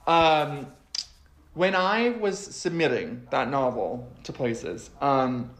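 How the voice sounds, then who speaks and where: A man in his thirties chatting as a podcast guest, animated and full of swearing, jumping into high loud voices when he mocks what people say. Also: slow. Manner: animated, swears often, goes high and loud for mocking quotes. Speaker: guest, writer and actor. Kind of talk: casual podcast chat. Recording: echoey room.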